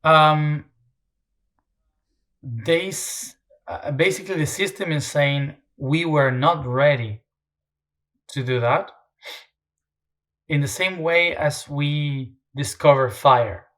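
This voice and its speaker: A man's voice: fairly high pitch, slow, pauses often, a bit bright. A man speaking as an interview guest, talking in a reflective, hesitant way with many fillers and restarts.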